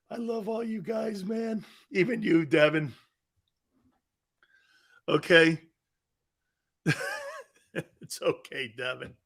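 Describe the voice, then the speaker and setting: A man's voice: high-pitched, drawn-out words, gravelly, long pauses, a bit bright. A man hosting a live sports talk show, boisterous and teasing, reading chat messages and laughing a lot. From Italian-American background.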